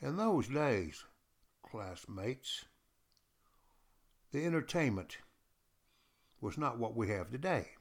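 A man's voice: medium pitch, sing-song, slow pace, pauses often. A man from Texas, giving a podcast history lecture as a teacher who tells stories emphatically and repeats key phrases.

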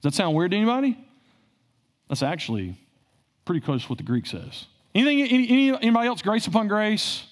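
A man's voice: sits high, big pitch swings, fast talker. A male pastor preaching a sermon, asking the congregation questions and repeating phrases for emphasis.

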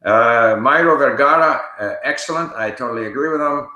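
A man hosting a casual live Q&A, reading viewer questions aloud and answering them in a relaxed, explanatory way while he thinks aloud. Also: medium pitch, fairly quick, roomy sound, rough recording.

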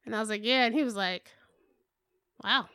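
A woman in her thirties, a podcast co-host, telling a story in casual chat, animated and swearing freely as she acts out what others said. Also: a little high, racing, clean tone, no echo, clean studio sound. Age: 30s. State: pregnant.

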